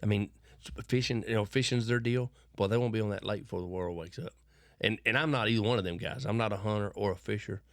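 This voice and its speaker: Talking fast in a fairly low voice, a middle-aged West Texas man with a matching accent rambles through folksy stories during an interview. He repeats and restarts words, with bursts of preachiness. The studio-quality sound has no echo.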